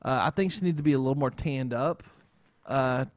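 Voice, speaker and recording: A man's voice: medium pitch, a little fast, no room sound. Rambling man hosting a casual talk show. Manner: rambling, keeps adding "okay?". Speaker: show host. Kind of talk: casual chat.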